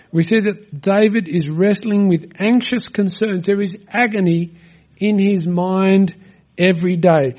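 High-voiced man preaching an earnest sermon. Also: mellow. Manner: earnest, conversational preaching with rhetorical questions. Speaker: pastor.

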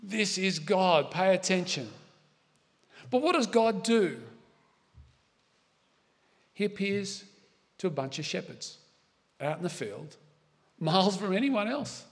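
High-voiced man preaching in a reverberant hall. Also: big pitch swings, takes it slowly, pauses often. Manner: conversational preaching with asides and rhetorical questions. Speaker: pastor. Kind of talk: sermon.

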